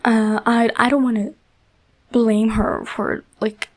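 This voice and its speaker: A woman's voice: fairly high pitch, little pitch movement, slow pace, darkish tone, low-quality recording. A woman giving a casual, rambling spoiler review of a book, full of "like" and "you know", emotionally invested and often dropping into a half-whisper.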